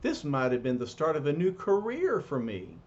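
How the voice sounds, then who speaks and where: A woman's voice: deep voice, wildly swooping pitch, moderate pace, darkish tone, muffled recording, a little hiss or hum. A man voicing a sassy, teasing young woman hero in a comic-book story reading. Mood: scolding. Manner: teasing, playful.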